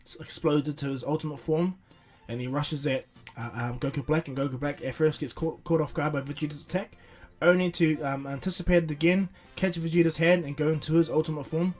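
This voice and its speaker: Husky man rambling through a fan story. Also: a little high, steady tone, fairly quick, a little mellow, soft background music. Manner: rambling, many restarts. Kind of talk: casual fan-fiction retelling.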